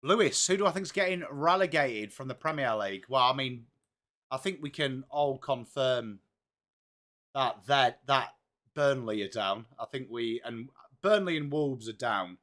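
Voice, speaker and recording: A man's voice: medium pitch, measured pace, fairly bright tone. An English man hosting a live football watchalong stream, chatting casually and greeting viewers by name in an upbeat way. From England. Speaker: livestream host of a football watchalong.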